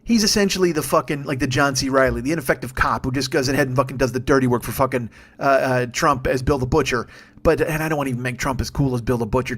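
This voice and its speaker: A male comedian in his forties delivers a furious, profanity-laced rant, riffing freely from one jab to the next. His speaking voice sits slightly higher than most men's. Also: fairly quick. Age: 40s. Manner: angry, sweary, riffing. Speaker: comedian podcast host.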